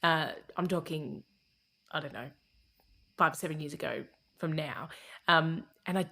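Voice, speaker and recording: A woman's voice: deep voice, measured pace, creaky, bright, forceful tone. Laughing Australian woman telling stories. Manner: candid storytelling, frequent laughter and restarts. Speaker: guest, comedian and radio host. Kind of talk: casual interview chat.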